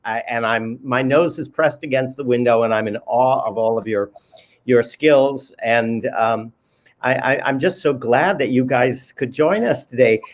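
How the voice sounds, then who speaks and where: A man's voice: medium pitch, a little slow. A man hosting a casual interview chat, admiring his guests and searching for his words as he goes. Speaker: host.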